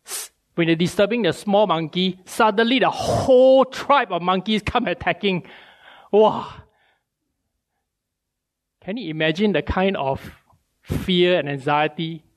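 A male preacher, giving a sermon with animated storytelling and many rhetorical questions. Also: high-pitched, measured pace, long pauses.

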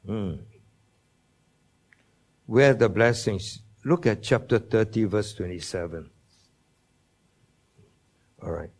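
Man preaching, slow deliberate pace, emphatic bible teaching, asks questions. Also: lowish voice, darkish tone.

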